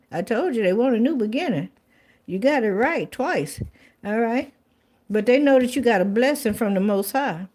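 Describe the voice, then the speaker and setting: A woman's voice: on the high side, warm tone. A woman giving a casual tarot reading to viewers, chatty and blunt. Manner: chatty, blunt, swears, colloquial, repeats phrases. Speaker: tarot reader.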